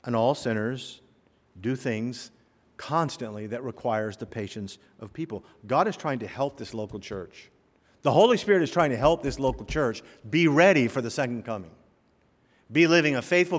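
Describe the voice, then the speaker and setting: Animated preaching man in a reverberant hall. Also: medium pitch, normal speed. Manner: animated storyteller, voices characters, swings loud and soft. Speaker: pastor. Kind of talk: sermon with acted stories. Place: church sanctuary.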